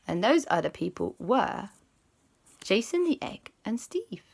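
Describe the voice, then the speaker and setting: A woman's voice: medium pitch, big pitch swings, gravelly. A woman improvising a children's story as its host, chatty and playful. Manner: playful, chatty, with drawn-out hums.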